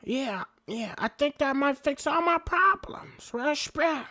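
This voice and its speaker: A woman's voice: sits high, expressive, slow pace, pushed and bright, heavily acted. A woman playing a brash, crude-talking male street hustler in a game role-play, full of slang and jokes. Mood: joking, crude.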